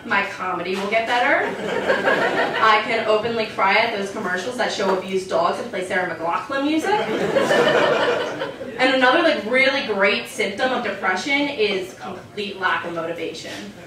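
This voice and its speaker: A young woman doing a stand-up comedy routine on a club stage, deadpan and self-mocking, with frequent "um" fillers. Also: mid-range voice, normal speed, a crowd in the background. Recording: echoey club recording from far off. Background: audience laughter.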